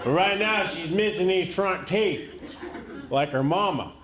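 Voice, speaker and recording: A middle-aged man from the rural United States doing a stand-up comedy set, telling folksy, deadpan stories and chuckling at his own punchlines. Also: high-pitched, unhurried, very noisy. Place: comedy venue stage before a live audience. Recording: echoey live venue with loud audience laughter.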